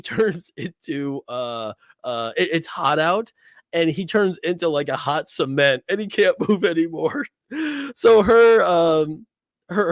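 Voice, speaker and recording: A man's voice: on the high side, no echo, clean studio sound. A young man casually recapping a TV episode, rambling with many fillers and little laughs. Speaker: host. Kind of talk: casual review chat.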